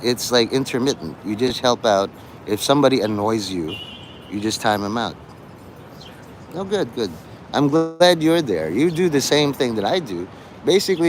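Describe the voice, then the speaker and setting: A man livestreaming outdoors, chatting to his viewers in a rambling, provocative way with deadpan dark jokes. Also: mid-range voice. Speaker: livestreamer talking to chat. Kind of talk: rambling live-stream chat. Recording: street noise in the background.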